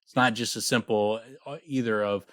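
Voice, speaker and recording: Sarcastic low-voiced man, dry sound. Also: moderate pace, dry recording. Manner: sarcastic, animated, swears casually. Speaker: podcast co-host. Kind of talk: casual book discussion chat.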